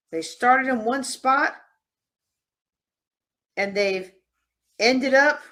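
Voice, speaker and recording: A woman speaks to a live conference audience, her voice sitting a little high. She coaches in a lively, teasing way and leans into sarcasm to make her points. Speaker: host and workshop speaker. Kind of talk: live conference workshop talk. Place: conference room.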